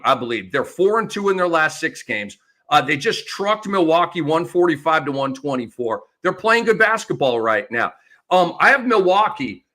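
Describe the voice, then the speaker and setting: Excitable, lively man talking bets. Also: on the high side. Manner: excitable, animated, slangy. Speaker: co-host. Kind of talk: sports betting chat.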